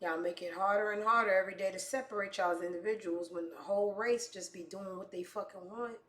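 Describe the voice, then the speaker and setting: A woman host tears into the news with heated, profane commentary. Her voice is bright and forceful, and the room around her sounds roomy and echoey. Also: medium pitch, steady tone, quick pace. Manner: heated, swearing, blunt. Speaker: show host. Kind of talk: profane comedic rant commentary.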